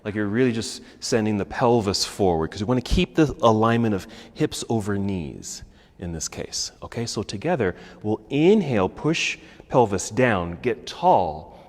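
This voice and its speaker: An American man leading a yoga class, giving calm step-by-step cues for poses and breath. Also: lowish voice, normal speed, in a large hall. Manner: calm instructive cueing, breath counts. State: slightly out of breath. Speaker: yoga instructor. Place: yoga studio.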